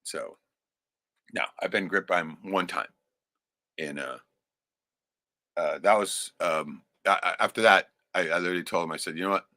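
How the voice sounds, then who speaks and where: Man, deep voice, crisp bright tone, profane rambling storyteller, casual. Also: moderate pace, pauses often, no room sound, studio quality. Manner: profane, rambling, tags lines with "right?".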